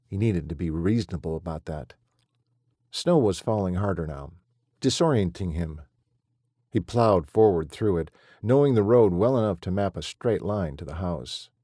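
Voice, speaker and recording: Deep, slow male audiobook narrator. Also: husky, dry recording, studio quality. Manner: measured, steady storytelling.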